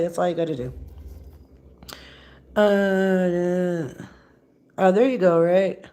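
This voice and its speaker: A woman's voice: on the low side, steady tone, takes it slowly, pauses often, mellow. A woman in her sixties from Canada, chatting casually on a live stream from her phone and answering viewers' comments with many restarts. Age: 60s. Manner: chatty, rambling, frequent restarts. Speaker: vlogger answering live chat.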